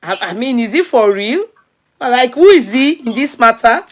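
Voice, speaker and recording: A Nigerian woman with a slightly high voice hosts a commentary chat and slips into Yoruba as she talks. She asks pointed, doubtful questions and laughs often. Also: animated, moderate pace. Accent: Nigerian, mixing Yoruba.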